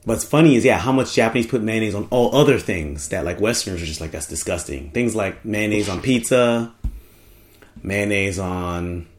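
A man's voice: on the low side, moderate pace. A man hosting a podcast in casual chat, joking and rambling, often trailing off while he hunts for words. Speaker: podcast host.

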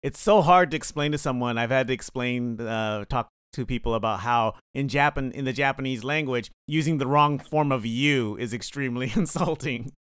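A man who teaches Japanese explaining language and manners in a relaxed, thoughtful chat. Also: medium pitch, moderate pace, hardly any pauses, clear, resonant tone, no room sound, studio quality. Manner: explanatory, thoughtful, full of restarts. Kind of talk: casual chat.

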